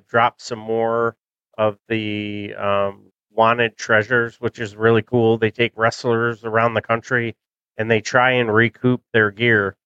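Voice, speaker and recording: A man's voice: mid-range voice, fairly bright tone, clean tone, no echo, highs cut off. A middle-aged man hosting a podcast in casual chat, rambling and nostalgic with many fillers, close to the mic. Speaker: podcast host.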